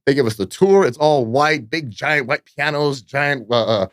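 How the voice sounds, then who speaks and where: A slightly bright, medium-pitched voice at normal speed comes across in a dry, clean studio recording. The speaker, a Fresno nightclub promoter on a podcast, tells lengthy, rambling stories laced with profanity and "blah, blah, blah."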